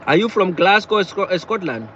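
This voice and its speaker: A man chatting casually on a live stream from his car, talking in halting bursts and repeating himself as he answers viewers. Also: high voice, sing-song, a bit bright, highs cut off, slight background noise. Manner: halting, repeats words and phrases often. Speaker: livestreamer reading viewer chat. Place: in or beside a parked car.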